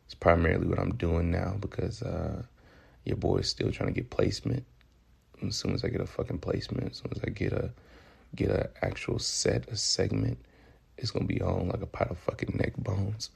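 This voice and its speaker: Gravelly, husky Southern man. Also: sits low, moderate pace. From Memphis, Tennessee. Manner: loose, profane, joking. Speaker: podcast host. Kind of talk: casual solo podcast monologue.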